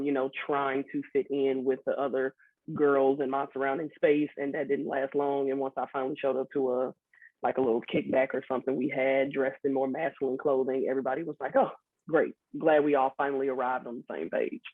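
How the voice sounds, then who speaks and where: A man's voice: medium pitch, no echo. A man telling his coming out story as a guest, reflective and matter-of-fact. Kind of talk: personal storytelling. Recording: tinny phone-like line.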